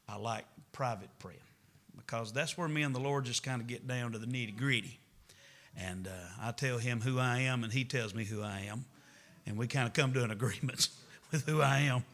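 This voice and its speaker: In a church sanctuary, a middle-aged pastor delivers a Wednesday night sermon, folksy and conversational before rising to emphatic preaching. His voice is medium-pitched and a bit bright.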